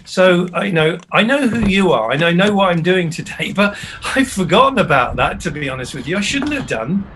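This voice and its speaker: Older man, host, fairly high voice, joking and self-mocking, casual chat. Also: sing-song, fairly quick, hardly any pauses, a bit bright, slight background noise, poor audio. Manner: jokey, self-deprecating. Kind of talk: live online interview chat.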